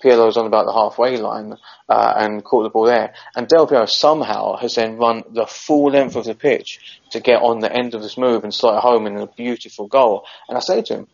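A man's voice: fairly low pitch, fairly even intonation, fairly quick, gravelly, muffled recording. A man co-hosting a podcast, telling a long rambling football anecdote in casual chat. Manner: rambling storyteller, many restarts. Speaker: podcast co-host.

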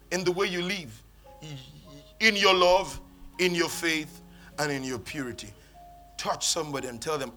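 Male pastor, high bright voice, commanding sermon with call-and-response, faint music behind. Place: church.

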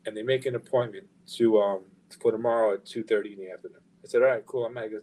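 A man's voice: fairly low pitch, fast talker, few pauses, rough recording. A middle-aged man, a podcast guest telling a long story in a casual, profane way and acting out the quoted lines. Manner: profane, animated anecdote-telling with quoted dialogue. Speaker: guest, record label founder.

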